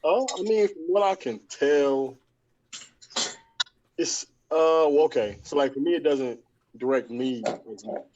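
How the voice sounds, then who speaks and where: A man's voice: a little high, a little slow, long pauses, a little mellow. A man who works as a trucker, talking hesitantly with many fillers in a group voice chat. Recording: distant, muffled phone connection.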